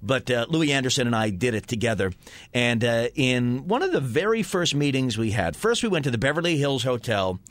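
A man's voice: mid-range voice, expressive, fairly quick, no room sound. Rambling male radio co-host. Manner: rambling, with fillers and self-corrections. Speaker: radio talk show co-host. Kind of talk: casual on-air chat, storytelling.

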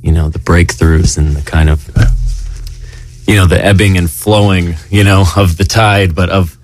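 Very deep-voiced male interviewer. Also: steady tone, moderate pace, faint music behind. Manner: rambling, many "you know" fillers. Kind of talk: interview conversation.

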